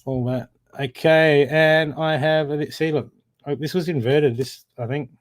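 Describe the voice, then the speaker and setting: A man's voice: on the high side, fairly even intonation, measured pace, no echo. A man doing live tarot card readings, talking in a casual, encouraging way and repeating himself as he gives pep talks. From Australia.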